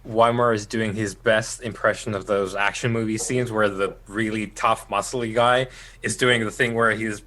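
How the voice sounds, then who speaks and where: A man's voice: fairly low pitch, steady tone, moderate pace, fairly bright tone, a little hiss or hum. A man joking about his character during a tabletop game. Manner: jokey, describes his character with humour. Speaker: player.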